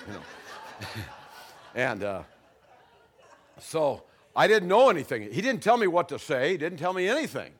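An older man shares his testimony before an audience. His pitch rises and falls in lively swings. He drops to a hush and then bursts out loud as he talks. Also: measured pace, long pauses, husky. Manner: animated storyteller, swings from hushed to loud. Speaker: speaker giving testimony.

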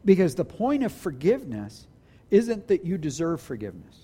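A pastor delivering a sermon in a church hall, his voice pitched high and swinging widely in melody. The tone stays mellow and warm despite the height. He speaks earnestly, stumbling over restarts and slowing right down on the words he wants to land. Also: wildly swooping pitch, breathy edge. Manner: earnest, with restarts and slowed emphasis.

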